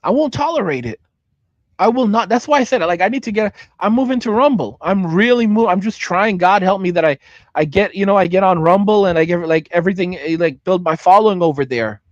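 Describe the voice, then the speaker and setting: In a high, raised voice, a livestream host angrily answers his chat, talking fairly quickly in heated bursts and saying things more than once. The sound is close and dry, with no room around it and the highs cut off.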